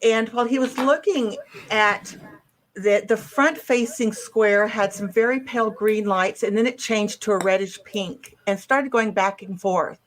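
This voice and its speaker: Woman investigator, case walkthrough, mid-pitched, halting restarts. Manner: recounts a witness account step by step, with frequent restarts and ums. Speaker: UFO case investigator presenting a case. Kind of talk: case presentation to a host.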